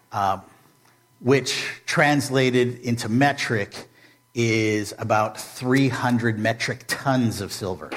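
A man retelling a Bible story as a preacher, animated and humorous, with modern comparisons. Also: medium pitch. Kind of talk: storytelling sermon.

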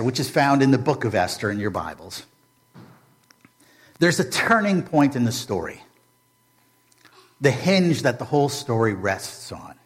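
A man preaching a sermon in a conversational, humorous way, full of rhetorical questions. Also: mid-range voice. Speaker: pastor.

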